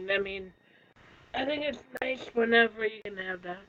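A tired woman streamer in casual chat, soft-spoken and apologetic, yawning now and then. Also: on the high side, moderate pace, phone-quality sound.

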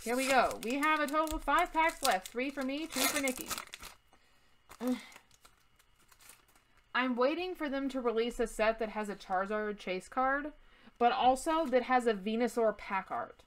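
A woman's voice: high voice, lively intonation, normal speed, long pauses, slight background noise. A young woman hosting a card-opening vlog, chatting casually in a jokey, self-deprecating way. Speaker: YouTube host opening trading card packs. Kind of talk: casual chat.

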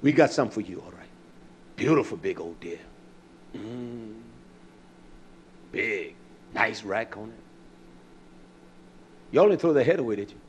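A man's voice: lowish voice, expressive, a little slow, pauses often, slight background noise. A man preaching a sermon in an emphatic way, often repeating key words.

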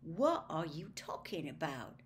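A woman voicing a gruff, blunt teenage boy wizard, speaking loud and gruff. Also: sits low, big pitch swings, a little slow, a little hiss or hum.

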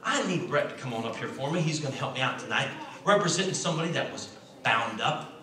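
A man, telling a Bible story to children in an animated, folksy way. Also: mid-range voice, fast, crowd noise. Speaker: children's Bible school preacher. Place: church hall. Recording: echoey room from a distance.

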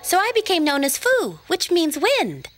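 A woman's voice: very high voice, huge pitch swings, moderate pace, over music, exaggerated voice. A woman voicing a polite, formal fourteen-year-old girl in a game cutscene. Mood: prim. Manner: formal, prim. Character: polite, formal teen girl, gentle and prim.

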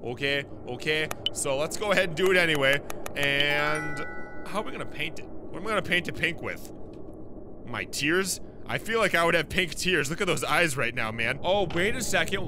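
Excitable swearing man gaming on camera. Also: a little high. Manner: excitable, swearing, self-mocking. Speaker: gaming YouTuber. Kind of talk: let's play commentary.

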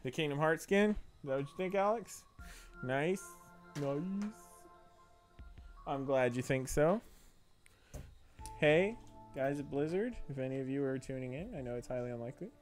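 Man, stream host, casual chat, laughs a lot, mid pitch, light music underneath. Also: animated, moderate pace, long pauses. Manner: jokey, laughs often, puts on silly voices. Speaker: artist hosting a live drawing stream. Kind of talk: casual chat while drawing.

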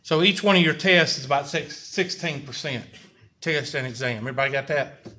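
A middle-aged college instructor with a Southern American accent gives a blunt, folksy lecture, tossing questions to the class. His mid-range voice is a little fast with a sharp tone. The recording is lo-fi, with classroom echo.

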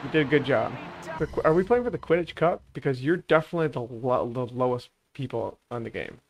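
A man's voice: medium pitch, animated, a little fast, muffled recording. A young man giving casual, joking commentary as he plays a video game, chatty and self-mocking. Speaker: gaming channel host. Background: game music.

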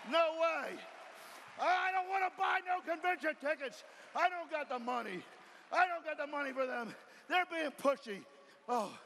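A man's voice: very high voice, fairly bright tone, exaggerated voice. A man mimicking a stubborn, whiny man who complains and refuses to change. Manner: defiant and complaining. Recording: reverberant hall, faint background noise.

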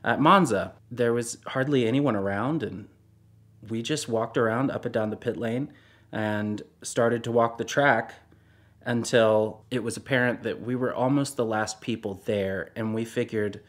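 Man, casual storytelling, animated, hushed asides, mid-pitched voice. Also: unhurried. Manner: animated, often dropping to a hushed voice. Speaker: car story guest.

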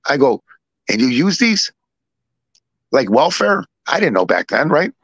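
A man's voice: mid-range voice, sing-song, measured pace, fairly bright tone, husky, no echo. Chatty man with a dry close sound. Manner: rambling, repeats himself, acts out both sides of dialogue. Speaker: podcast co-host. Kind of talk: casual storytelling.

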